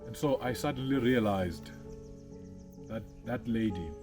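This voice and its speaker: Deep-voiced man, earnest storyteller. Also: over music. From South Africa. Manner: earnest, halting, repeats words as he searches. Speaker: co-host telling a personal story. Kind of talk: reflective personal storytelling. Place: outdoors in a forest.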